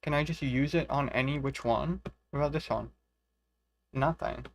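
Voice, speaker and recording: A man's voice: medium pitch, normal speed, vocal fry. A man casually commenting on a game he is playing, swearing freely and reading the quest guide aloud. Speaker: game streamer. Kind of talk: casual let's-play commentary.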